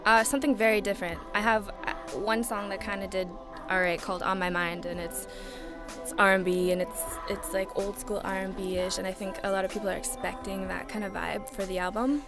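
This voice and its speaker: A young singer-songwriter speaks fairly quickly in a mid-range voice, with music playing underneath. Relaxed and chatty in a casual interview, she fills her talk with lots of "like."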